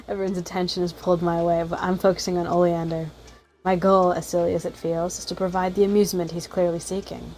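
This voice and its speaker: A woman narrates a text game in the first person, breaking into giggly, animated asides as she plays. Her voice sits on the low side, with faint background music underneath. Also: quick pace. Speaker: game streamer. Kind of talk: reading a text game aloud with commentary.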